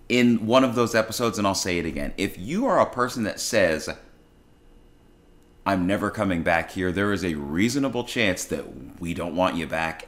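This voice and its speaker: A man with a very deep voice tells a story in a casual monologue. His manner is blunt and exasperated, and he often restarts his sentences as he talks. He speaks as the host of his own show. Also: fairly bright tone. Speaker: podcast host and restaurant worker.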